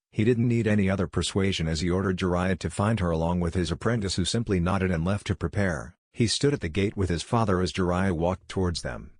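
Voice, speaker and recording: A man with a very low voice reads a fan-fiction story aloud at an even, unhurried pace. The sound is dry and close, with no room around it. He reads every character in the same voice. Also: no room sound. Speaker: narrator. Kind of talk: scripted fan-fiction narration.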